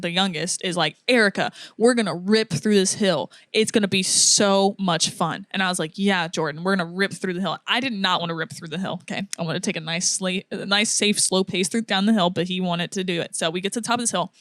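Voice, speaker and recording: A woman's voice: on the low side, no echo, studio quality. A young woman co-hosting a podcast, telling a story casually and acting out what people said. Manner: animated storyteller, acts out quotes, laughs often. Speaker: podcast co-host.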